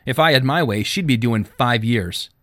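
A smug, folksy middle-aged police chief, put on by a male narrator. He talks down to people, with lively pitch. It is recorded dry and close. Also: moderate pace, no echo. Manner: folksy, condescending.

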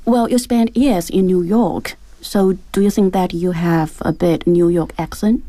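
Woman co-host, low-ish mellow voice, chatty questions, dry studio. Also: measured pace, no echo. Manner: chatty, asking the guest questions. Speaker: co-host teacher. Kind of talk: bilingual radio English lesson.

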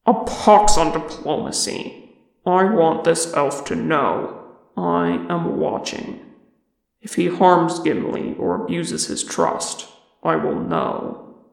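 A reader voicing a gruff, distrustful old dwarf king in a fan fiction audiobook, with a low, breathy growl. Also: fairly even intonation, slow pace, reverberant, poor audio. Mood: defiant.

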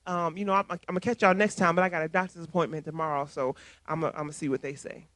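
A man voicing a tired church woman who is feeling unwell, speaking low and subdued. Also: fairly even intonation, racing, sharp tone, no room sound.

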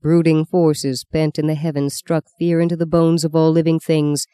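A woman narrating a novel as an audiobook, in a measured storytelling manner. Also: low-pitched, flat delivery, dark tone, smooth, no echo. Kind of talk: scripted narration.

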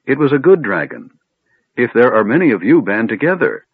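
A man's voice: medium pitch, very animated, brisk, slightly rough, no room sound, pitched above the performer's own voice. A man voicing a persistent young elf woman. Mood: insistent. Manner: pressing, persistent. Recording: tinny phone-like band, dry.

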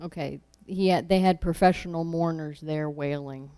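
A woman's voice: low voice, fairly even intonation, moderate pace, mellow, clean tone. A woman preaching a sermon, earnest and repeating key phrases for emphasis.

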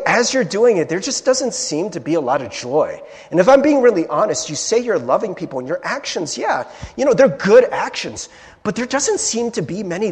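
A male pastor preaching a sermon in a conversational way, often checking in with "right?". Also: a little high. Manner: animated and conversational, keeps asking "right?". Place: church sanctuary. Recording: long reverb of a large hall.

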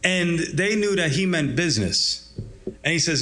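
A man's voice: a little high, expressive, unhurried, bright, forceful tone. A male pastor giving a conversational sermon on a scripture passage, acting out the quotes and chuckling now and then. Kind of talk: expository sermon.

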